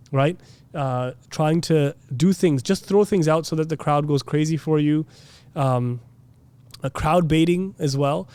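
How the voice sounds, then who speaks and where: A man's voice: on the high side, dark tone, clean tone, no room sound. A man giving a casual religious lesson, chatty and full of "you know" and "like", now and then mimicking preachers. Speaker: Islamic teacher. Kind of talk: casual classroom lecture.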